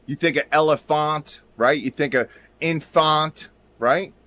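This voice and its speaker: A man's voice: a little high, a little slow, bright, forceful tone. A man hosting a livestream, talking in a rambling, emphatic way and asking "right?" again and again while looking things up at his computer. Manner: repeats "right?" constantly, emphatic, drifts into mutters. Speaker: livestream host.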